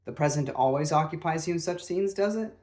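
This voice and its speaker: A man reading the lines of a proud, reserved young gentleman in a grave, measured way. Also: a little high, close to an everyday voice.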